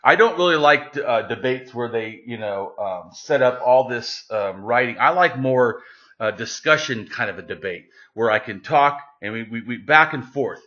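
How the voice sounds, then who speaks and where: A man, as an interview guest, telling a story in a casual, animated way, with many fillers and restarts. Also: mid-range voice, normal speed. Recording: lo-fi, dull sound.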